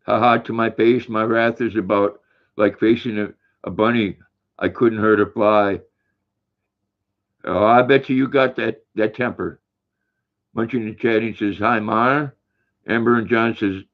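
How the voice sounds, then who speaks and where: Older male stream host, folksy and easygoing, reads chat aloud; muffled low-fi audio. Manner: folksy, reads viewer comments aloud, talks to his dog. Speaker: livestream host. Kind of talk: casual livestream chat reading comments.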